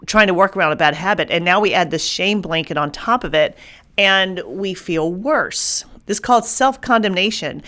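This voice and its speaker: A faith-based motivational podcast is hosted by an emphatic, energetic woman speaking in her own voice at an ordinary middle pitch. She repeats words to drive points home and voices inner thoughts while explaining them.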